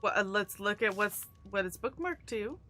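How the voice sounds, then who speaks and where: A woman's voice: mid-range voice, lively intonation, normal speed, sharp tone. A young woman streaming a game, chatting casually and reading in-game letters aloud in playful voices. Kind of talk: casual live-stream commentary.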